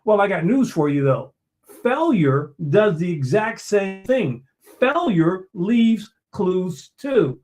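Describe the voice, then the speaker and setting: A man's voice: high voice, sing-song, unhurried, a little mellow. A man giving a motivational talk, preacherly, repeating phrases for emphasis and talking straight to his listeners. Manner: addresses listeners directly, conversational asides. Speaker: motivational speaker.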